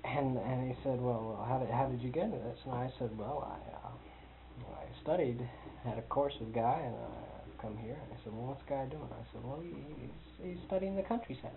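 A man's voice: mid-range voice, moderate pace, creaky, a crowd in the background. A man telling a long personal anecdote in a rambling, amused way, chuckling as he goes. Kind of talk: personal storytelling. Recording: tinny phone-like with hiss.

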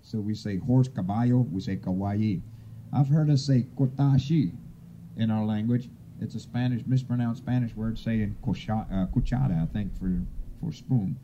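A man from Florida giving an informal oral history talk, unhurried and rambling, with frequent hesitations. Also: on the low side, mellow, a little hiss or hum. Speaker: tribal speaker. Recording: dull lo-fi recording.

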